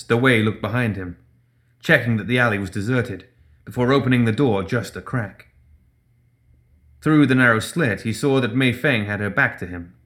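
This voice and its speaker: A man narrating a story in a steady, measured reading style. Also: medium pitch. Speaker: audiobook narrator.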